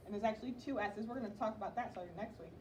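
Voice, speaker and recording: A woman teaching a writing lesson to young children, sounding out words slowly in a classroom. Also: medium pitch. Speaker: elementary school teacher. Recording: roomy, distant classroom mic with background noise.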